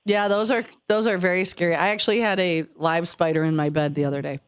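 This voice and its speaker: A woman's voice: fairly low pitch, steady tone, fast, clear, resonant tone. Chatty female radio co-host. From United States. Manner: chatty, storytelling, upbeat. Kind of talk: casual morning radio banter.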